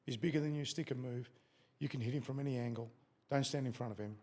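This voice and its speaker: A middle-aged Aussie former fighter, speaking as a podcast guest, tells a casual story full of swearing and acted-out quotes. His voice is mid-range and darkish, and his pace is quick.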